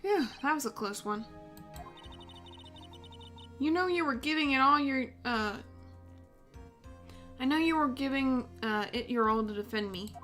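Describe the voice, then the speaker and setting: A playful young woman from a courtroom game, read by a woman in close to her own voice. She sounds chatty and easygoing, with a high, bright lilt. Her delivery stays casual and friendly. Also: animated, measured pace, pauses often, soft background music. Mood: cheerful.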